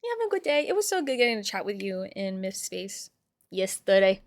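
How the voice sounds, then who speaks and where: A young woman streaming a game and chatting casually with viewers, loud and playful, swinging from yelling to soft asides. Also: mid-range voice, very animated, brisk.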